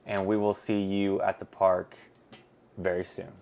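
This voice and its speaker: A man's voice: a little slow, creaky. A man hosting a casual theme park chat show, playful and joking. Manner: playful, joking, lively pitch. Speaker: host.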